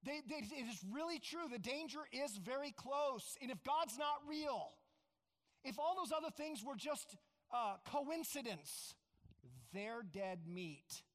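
Man preaching, lively acted-out quotes, large church hall, long echo. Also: extremely high pitch, unhurried. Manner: animated, acts out quoted voices with bursts of shouting. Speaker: pastor. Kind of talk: sermon.

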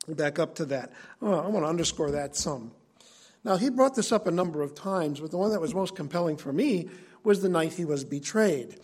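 A male preacher delivers an earnest sermon with a high, husky voice. He teaches in a conversational tone and stresses his key points. The delivery stays plain and direct. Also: expressive, fairly quick, darkish tone.

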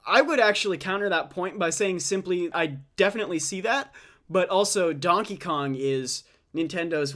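A man's voice: a little high, fairly bright tone. A man co-hosting a casual podcast, chatting and reading out news items with frequent fillers. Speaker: podcast co-host.

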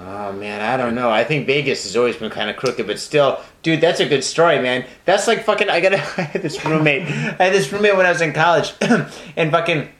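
A man's voice: a little high, fairly quick, fairly bright tone, slight background noise. Profane rambling man in an echoey room. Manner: profane, rambling, laughing often. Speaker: podcast co-host. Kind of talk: casual chat.

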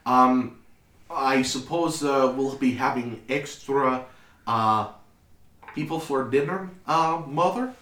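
A man's voice: medium pitch, fairly bright tone, echoey room, recorded from a distance. A man playing a shy, formal young son. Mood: polite. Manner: hesitant, formal, halting.

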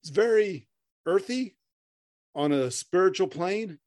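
A man's voice: high voice, animated, slow pace, a little mellow, dry recording, studio quality. A middle-aged man co-hosting a podcast in casual chat, rambling, swearing freely, laughing often and stammering through restarts. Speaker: podcast co-host.

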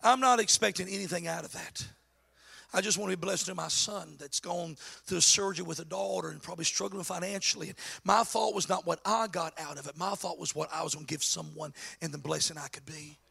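Gravelly, bright-voiced preaching man. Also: sits high, fairly quick. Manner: preaching with shouted, sing-song emphasis. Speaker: pastor. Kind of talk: sermon.

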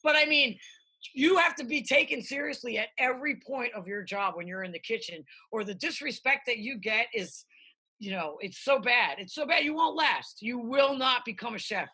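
Husky, bright-voiced woman chef. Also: fairly high pitch, normal speed. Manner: profane, animated storytelling, acts out shouted quotes. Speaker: chef, interview guest. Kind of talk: casual interview chat. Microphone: video call.

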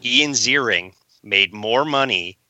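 Very bright, sardonic-voiced man. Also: mid-range voice, takes it slowly. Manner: sardonic, swears, does silly impressions. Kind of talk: casual chat.

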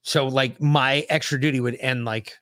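A man's voice: mid-range voice, fairly even intonation, normal speed, a bit bright, dry recording. A man co-hosting a podcast, telling a long casual story full of swearing, fillers and restarts. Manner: profane, rambling, full of fillers. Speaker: podcast co-host.

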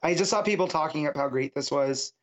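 A man's voice: on the high side, fairly quick. A man co-hosting a casual podcast, chatty and enthusiastic about comics, using lots of fillers. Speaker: podcast co-host. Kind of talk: casual comic book discussion.

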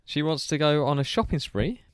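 A man's voice: on the high side, expressive, normal speed, smooth, no echo, clean studio sound. A man co-hosting a casual chat, reading out listener questions and steering the talk, laughing easily. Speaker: podcast co-host.

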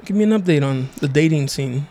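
A man's voice: fairly high pitch, expressive, brisk, dark tone. A young man co-hosting a podcast, casual and joking, laughing often and swearing freely. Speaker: podcast co-host. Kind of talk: casual chat.

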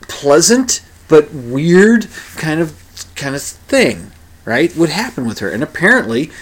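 Middle-aged male podcast host, unhurried and rambling, casual solo talk with frequent fillers. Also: a little high, a bit bright. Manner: rambling, many uh fillers and restarts. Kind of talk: casual monologue.

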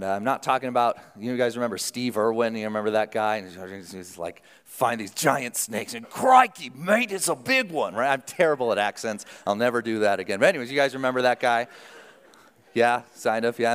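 A man's voice: mid-range voice, a bit bright, clean tone. A man preaching a sermon as pastor, in an informal, conversational way, after an opening prayer. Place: church sanctuary. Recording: reverberant church hall.

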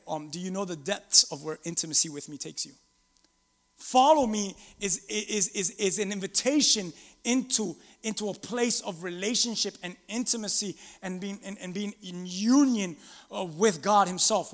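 Animated high-voiced male pastor preaching. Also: long reverb tail. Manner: animated, acts out scripture quotes, asks the congregation to respond. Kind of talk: sermon. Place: church sanctuary.

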